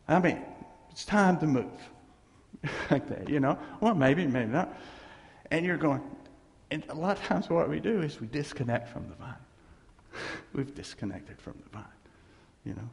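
A man's voice: a little high, normal speed, vocal fry, long pauses. A man preaching a sermon as pastor, telling stories with laughs and acted quotes. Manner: animated storytelling with laughs and voiced quotes. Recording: long hall reverb.

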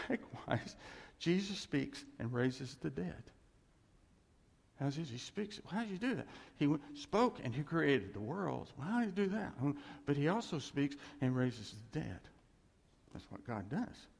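Gravelly preacher guy, huskyish, swings his pitch all over, echoey hall. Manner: animated, acts out quotes, laughs often. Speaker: pastor. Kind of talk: sermon.

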